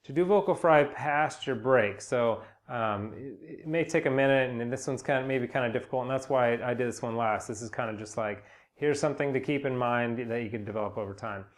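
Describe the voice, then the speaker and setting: Relaxed man teaching singing. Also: mid-range voice, a little fast. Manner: relaxed, rambling, many fillers and restarts. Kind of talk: casual spoken vocal lesson with sung demonstrations.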